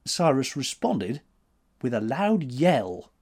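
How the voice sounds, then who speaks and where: A man reading a story aloud in measured, expressive narration. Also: medium pitch, slightly rough. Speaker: audiobook narrator. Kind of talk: scripted narration.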